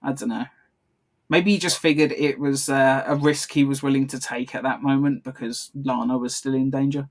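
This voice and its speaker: A man's voice: mid-range voice, little pitch movement, normal speed. A man co-hosting a casual episode commentary podcast, chatty and rambling, laughing often as he talks. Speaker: podcast co-host.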